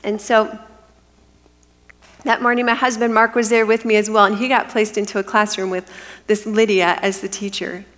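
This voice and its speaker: A middle-aged woman giving a testimony as a sermon, telling her story earnestly and dropping into a hushed whisper for the quiet moments. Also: mid-range voice, little pitch movement, moderate pace, long pauses. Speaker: women's ministry speaker. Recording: long hall reverb.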